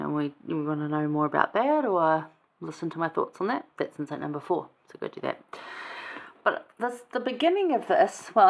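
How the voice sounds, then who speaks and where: A woman's voice: lowish voice, creaky, a bit bright. A woman giving casual scripture commentary in a chatty, informal way, reading verses aloud and then explaining them. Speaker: Bible study vlogger.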